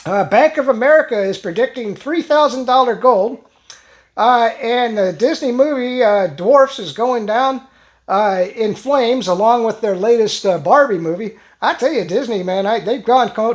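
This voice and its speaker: A woman's voice: on the high side, lively intonation, normal speed. A woman hosting a casual vlog, talking in a rambling way with lots of fillers and restarts, chuckling now and then. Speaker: channel host.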